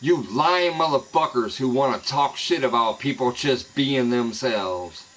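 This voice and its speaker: A man's voice: medium pitch, unhurried, fairly bright tone, poor audio. A man streaming live from home, ranting angrily and swearing heavily at people he says spread lies about him. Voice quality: profane, heated ranting. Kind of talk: angry live-stream rant. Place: home in the American Midwest.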